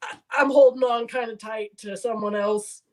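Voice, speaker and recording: A woman's voice: on the high side, fairly even intonation, moderate pace, a little mellow. A woman co-hosting a sports betting show, chatting casually in a joking, rambling, self-deprecating way. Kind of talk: casual live sports chat.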